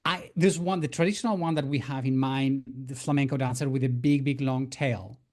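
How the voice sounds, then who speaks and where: A man's voice: mid-range voice, fairly even intonation, brisk, a little mellow. A man co-hosting a podcast, speaking thoughtfully and searching for his words. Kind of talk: conversational interview.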